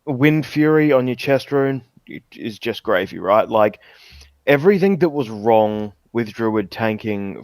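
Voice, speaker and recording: A man's voice: medium pitch, a little mellow, dry recording. A man in a casual podcast chat, confidently explaining game mechanics at length.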